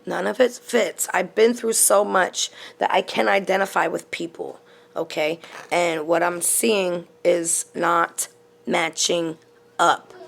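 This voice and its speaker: A middle-aged woman with a gravelly voice giving a casual tarot reading, blunt and outspoken, going from murmurs to animated storytelling. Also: on the low side, slow. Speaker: tarot reader and channel host.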